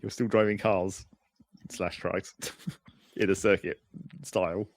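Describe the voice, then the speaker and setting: A man's voice: low-pitched, level tone, slow pace, no echo. Man chatting on a dry podcast mic. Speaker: podcast co-host. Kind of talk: casual chat.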